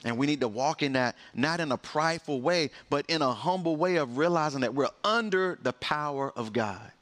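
A man pastor delivering a sermon, preaching with passion and sharp swings in pitch and pace. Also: moderate pace.

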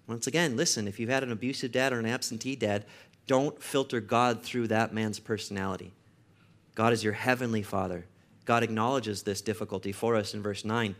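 A man's voice: on the low side, steady tone, a little fast. Storytelling male pastor preaching. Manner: storytelling, rising to emotional emphasis. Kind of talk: sermon.

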